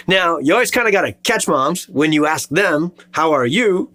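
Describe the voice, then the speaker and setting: A man's voice: high voice, sing-song, moderate pace, few pauses, a bit bright. A man, a chiropractor, giving an earnest, encouraging health talk and telling patient stories. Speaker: chiropractor and show host. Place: clinic in the Chicago suburbs.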